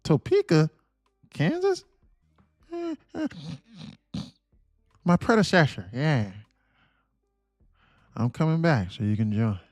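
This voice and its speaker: A man's voice: a little high, big pitch swings, slow, pauses often, a little mellow, no echo, clean studio sound, faint music behind, voice pushed up. A man putting on an impression of a rambling, stammering elderly male president who mangles names.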